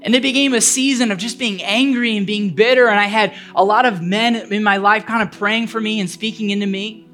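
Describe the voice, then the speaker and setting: A man's voice: high voice, fairly even intonation, brisk, sharp tone, faint music behind. A male pastor preaching a sermon, telling a personal story earnestly and building to fervent appeals.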